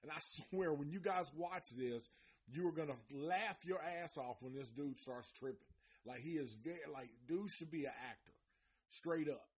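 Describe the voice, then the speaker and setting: This man's voice is a little high and breathy, moving at normal speed. As host of a live documentary-series review show, he animatedly retells a story in a profane, slangy way, swearing constantly and exaggerating the voices of its characters.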